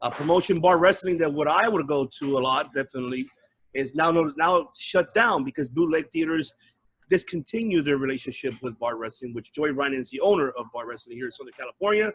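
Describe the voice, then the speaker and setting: Hyped podcast host, slightly high voice. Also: male voice, animated, fairly quick, husky. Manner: hyped announcer-style intros, loud and emphatic. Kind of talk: casual podcast talk.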